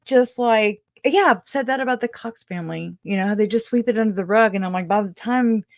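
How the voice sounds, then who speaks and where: A woman's voice: mid-range voice, brisk, dry recording. A woman hosting a call-in show, chatting casually, rambling and laughing often, trailing off mid-thought. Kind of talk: casual chat. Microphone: video call.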